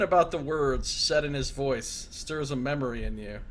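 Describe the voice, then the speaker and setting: A man's voice: medium pitch, normal speed, few pauses. A man streaming a video game, reading its story text aloud and breaking in with comments. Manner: reads narration aloud, breaks off into excited asides.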